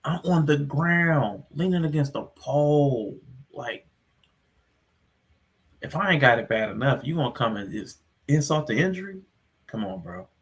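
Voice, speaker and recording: A man's voice: a little high, lively intonation, a little slow. A man co-hosting a podcast, chatting in a laid-back, joking way. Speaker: podcast co-host. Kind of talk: casual chat.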